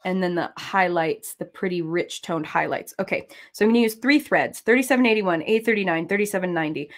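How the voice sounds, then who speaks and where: A woman's voice: mid-range voice, a bit bright. A woman streaming as she cross-stitches, chatting casually and drifting onto side topics. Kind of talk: casual chat while stitching.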